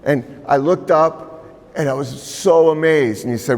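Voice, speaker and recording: A man from the Pacific Northwest telling a story to a live audience in an unhurried, conversational way, with repeated names and pauses. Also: medium pitch, steady tone, a little mellow. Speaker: storyteller and violinist. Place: large museum hall. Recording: long reverb in a large hall.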